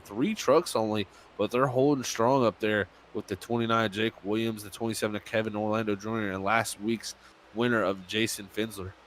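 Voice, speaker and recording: A man's voice: on the low side, fairly bright tone, slight background noise. A man calling a sim racing event as play-by-play commentator, chatty and laughing between his remarks.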